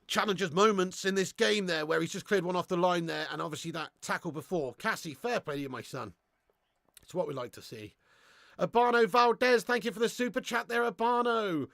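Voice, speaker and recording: A man hosting a live football watchalong, excitable and swearing freely while chatting to viewers. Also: high-pitched, brisk, gravelly, no room sound, clean studio sound.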